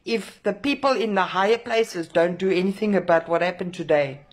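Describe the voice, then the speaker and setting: A woman's voice: lowish voice, moderate pace. Furious woman ranting. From South Africa. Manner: furious, swearing, emphatic repetition. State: emotionally shaken. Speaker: protest organiser. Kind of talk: angry direct-to-camera rant.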